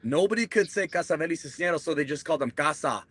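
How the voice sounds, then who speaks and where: A man, a military veteran, telling profane, animated stories in casual chat. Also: a little high, quick pace, slightly rough, dry recording, low-quality recording. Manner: profane, animated, acts out quotes.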